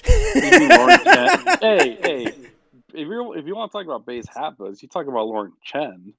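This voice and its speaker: A man joins the stream banter with a fairly high, bouncy voice that rises and dips a lot. He jokes freely and laughs easily. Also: huge pitch swings, vocal fry, bright, forceful tone, poor audio. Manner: jokey, quick to laugh, looking things up mid-talk. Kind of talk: casual chat on a live stream.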